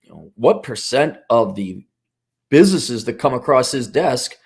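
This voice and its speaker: A man's voice: medium pitch, very animated, a little slow, gravelly, breathy edge. A man talking bluntly and sarcastically in a casual monologue, rambling. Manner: sarcastic, acts out mock voices. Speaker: commentator.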